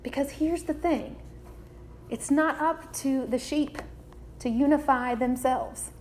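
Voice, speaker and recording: A woman preaches with a high voice, taking her time over each phrase. Her delivery is measured and deliberate, and she leans on repetition. A faint hiss sits under the recording. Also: a little mellow. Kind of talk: sermon.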